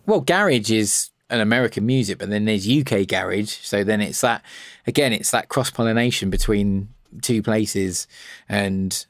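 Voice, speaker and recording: A man with a fairly low voice talks in a loose, rambling podcast chat, swearing casually as he gets excited about an idea. The sound is dry and close, with no room around it. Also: normal speed, no room sound. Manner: rambling, swears freely, enthusiastic about words. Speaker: podcast guest, electronic music producer.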